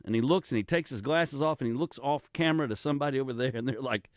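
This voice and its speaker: A man's voice: a little high, brisk, no room sound, studio quality. An older man hosting a radio talk show, talking casually in a rambling way with many restarts. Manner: rambling, animated, with frequent restarts and laughs. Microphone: studio microphone.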